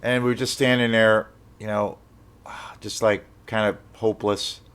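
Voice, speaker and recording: A young man telling a rambling, animated story in a casual vlog, swearing when he gets excited. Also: lowish voice, unhurried, clear, resonant tone. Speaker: film vlogger.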